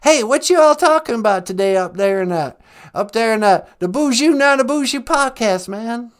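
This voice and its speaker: A man's voice: very high-pitched, expressive, normal speed, clear, resonant tone. A man voicing a laid-back, folksy Texan former president with a put-on drawl and slangy talk. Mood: teasing. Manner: drawling, slangy, calls people man and boy.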